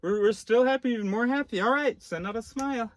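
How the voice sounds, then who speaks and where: A man voicing an eager male inner brain voice that chants about being happy in excited repetitions. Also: extremely high pitch, fast, no room sound, studio quality, voice pushed up. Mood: giddy.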